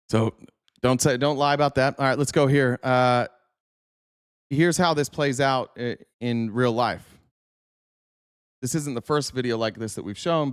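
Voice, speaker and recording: A man's voice: medium pitch, clean tone, no echo, studio quality. A man hosting a political commentary show, talking bluntly and sarcastically with frequent swearing.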